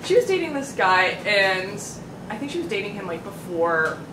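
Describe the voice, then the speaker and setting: A woman's voice: medium pitch, very animated, moderate pace, over a noisy crowd. Young woman rambling through a story. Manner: rambling, full of "like" and restarts, laughing through stories. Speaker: podcast co-host. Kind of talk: casual chat, storytelling. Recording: echoey room, mic at a distance, noisy.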